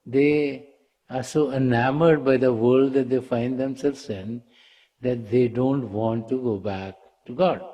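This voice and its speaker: A man's voice: mid-range voice, fairly even intonation, slow, muffled recording. A man giving a spiritual talk as a teacher, telling a parable in a conversational way and often saying "you know".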